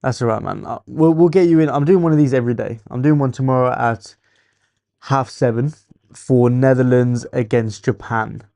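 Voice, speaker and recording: A young man with an English accent hosting a casual football watchalong stream, teasing viewers and thinking out loud. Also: mid-range voice, moderate pace, gravelly, no room sound.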